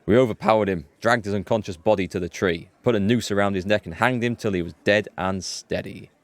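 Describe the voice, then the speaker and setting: A man's voice: on the low side, a little fast, no room sound, natural voice. A man reading the lines of a smug, taunting male gang boss in a game. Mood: mocking. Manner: taunting, matter-of-fact.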